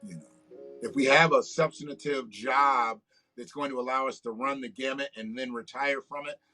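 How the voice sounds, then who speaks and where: A man's voice: medium pitch, steady tone, normal speed, sharp tone, faint music behind. A man, hosting a livestream with blunt, profane, preachy commentary. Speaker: livestream host. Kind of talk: casual political commentary livestream.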